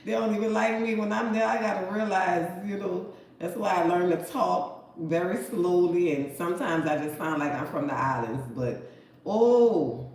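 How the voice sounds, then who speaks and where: A woman's voice: fairly low pitch, steady tone, moderate pace, a little mellow. Chatty New Orleans woman in echoey room. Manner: folksy, chatty, calls viewers honey and baby. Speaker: vlogger. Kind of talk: casual chat to camera. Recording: echoey room with faint ambience.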